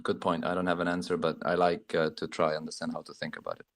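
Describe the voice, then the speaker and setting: A man's voice: deep voice, level tone, fast, gravelly. A man in a casual voice chat, asking hesitant questions about trades, with lots of ums and self-deprecating asides.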